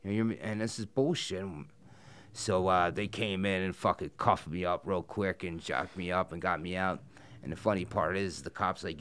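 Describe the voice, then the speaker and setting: A man's voice: sits low, fairly even intonation, normal speed, fairly bright tone, smooth. A man telling stories in a casual interview, blunt and profane, full of fillers and asides. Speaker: professional wrestler, guest. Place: studio interview set.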